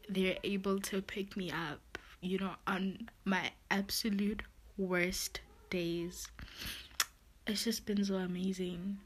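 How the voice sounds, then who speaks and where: On her podcast, a woman with a mid-range voice shares a deeply personal monologue, close to tears throughout. She keeps filling her talk with "literally" and "you know."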